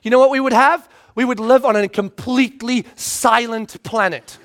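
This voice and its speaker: A middle-aged man preaching a sermon, telling stories with animated acted-out voices and sudden shouts. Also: very high voice, moderate pace. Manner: animated storytelling, acts out voices and shouts for effect. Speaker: pastor.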